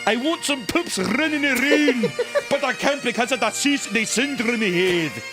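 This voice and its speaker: A man putting on a chirpy Scottish woman who wants children, in a high, sing-song, badly faked Scottish accent. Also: lively intonation, moderate pace, music in the background, natural voice. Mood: giddy.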